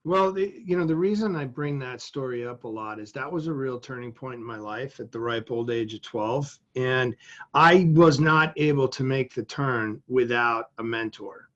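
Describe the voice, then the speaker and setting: A man from Massachusetts, a podcast guest telling a personal story in a lively, vivid way. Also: medium pitch, moderate pace. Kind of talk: storytelling in an interview. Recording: dull lo-fi sound.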